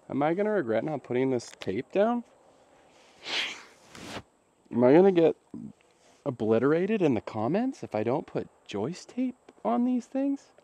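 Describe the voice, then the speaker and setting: A man's voice: medium pitch, warm tone. A man chatting casually while building a deck outdoors, joking and rambling to his viewers. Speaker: DIY cabin builder.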